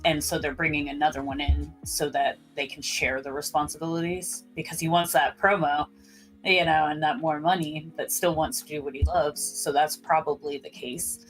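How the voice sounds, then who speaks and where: A woman's voice: low voice, level tone, moderate pace, faint music behind, rough recording. A woman with a slight Southern US twang, chatting as a podcast co-host in a rambling way, often restarting her sentences. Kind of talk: casual chat.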